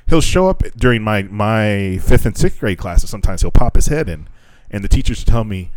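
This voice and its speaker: A man in casual podcast chat, telling rambling, profane stories about his school workload and laughing as he goes. His voice rides up and down with lively intonation. The recording is dry and close, with no room sound. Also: fairly low pitch, normal speed, no room sound. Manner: loose, profane storytelling with frequent laughter. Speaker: podcast co-host, foreign English teacher at schools.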